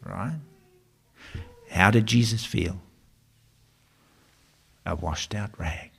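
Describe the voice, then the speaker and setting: A man preaching a sermon, asking rhetorical questions and reading scripture in a slow, dramatic way. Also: fairly low pitch, gravelly, breathy edge. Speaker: pastor.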